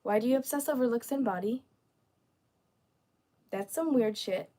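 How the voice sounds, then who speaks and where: A young woman talks casually on her livestream, answering the chat with a sassy, teasing edge and frequent laughter. Her voice sits a little high. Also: moderate pace, mellow. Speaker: livestream host.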